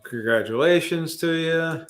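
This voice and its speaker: Reading out viewer comments on his casual livestream, a middle-aged man from California rambles, restarts often, fills gaps with filler words and jokes at his own expense. He speaks a little slowly in a fairly bright, higher-pitched voice.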